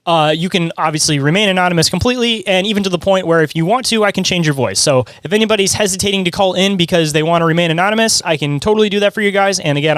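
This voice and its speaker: A male podcast co-host chats casually, loose and talkative, laughing often. His fairly high voice is fairly bright, clear and resonant, captured as clean studio sound with no room echo.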